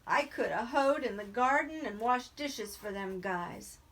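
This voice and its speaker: A woman's voice: medium pitch, a little slow, natural voice. A woman reading as an old ranch hand who is sorrowful and bitter, his scolding voice shaky with grief. His words come out harsh and wavering, in a plain read-aloud novel style. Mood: grieving.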